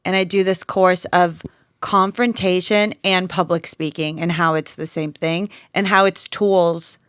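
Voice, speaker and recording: A woman co-hosting a casual podcast chat, an animated storyteller who fills her talk with "like". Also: on the low side, a little slow, clear, resonant tone, dry recording, studio quality. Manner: animated storyteller, says "like" constantly. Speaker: podcast co-host.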